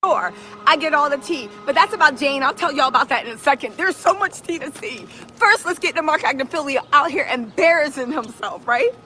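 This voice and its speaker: A woman's voice: sits high, expressive, fairly quick, bright, forceful tone, a little hiss or hum. A woman giving casual gossip commentary straight to her viewers, acting out courtroom exchanges as she goes.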